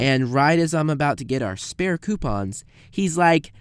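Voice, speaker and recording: A man's voice: animated, normal speed, few pauses, clean tone, no room sound. Young man telling a comic story. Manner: acts out quoted customers with jumps in pitch. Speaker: animated storyteller. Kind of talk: comedic storytime narration.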